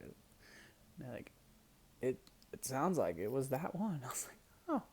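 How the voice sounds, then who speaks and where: Gravelly-voiced young man telling a story. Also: mid-range voice, a little slow. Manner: animated, laughing, drops to hushed asides. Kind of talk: casual storytelling.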